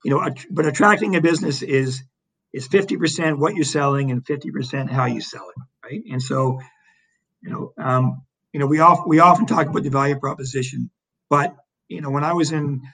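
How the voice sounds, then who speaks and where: A man in economic development, fairly high-pitched and gravelly, is interviewed at a normal speed on a low-quality recording. He tells animated stories conversationally, frequently restarting and filling gaps with fillers.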